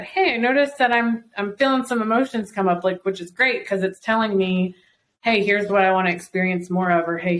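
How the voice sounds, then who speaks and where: A woman's voice: on the low side, a little hiss or hum, poor audio. A woman guest on a podcast, encouraging and explaining at length with frequent fillers. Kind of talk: casual podcast conversation.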